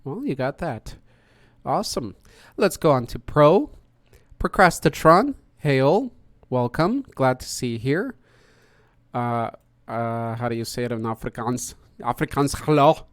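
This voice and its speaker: A man's voice: mid-range voice, big pitch swings, a little slow, no room sound, clean studio sound. A man hosting a podcast, chatting casually and greeting each guest in turn. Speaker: podcast host. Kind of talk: casual hosted chat.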